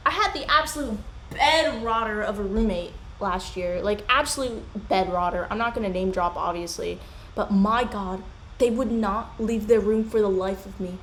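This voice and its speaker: A young woman in casual commentary chat, rambling and animated as she drifts from one tangent to the next. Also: medium pitch, normal speed. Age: young adult. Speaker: commentary YouTuber. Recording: echoey room with faint hiss.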